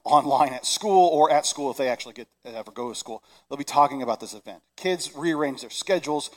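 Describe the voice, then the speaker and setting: A middle-aged man preaching a Christmas sermon, animated and shouting excited lines. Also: medium pitch. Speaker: pastor. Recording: long reverb of a large hall.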